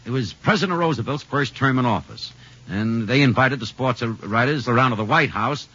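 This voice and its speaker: A man's voice: medium pitch, moderate pace, bright, forceful tone, husky. A middle-aged man, a former ballplayer turned sportscaster, telling old stories in a folksy way with many fillers. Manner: folksy storyteller, many uh fillers, acts out quoted voices. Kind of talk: reminiscing interview anecdote. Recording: dull lo-fi old radio recording.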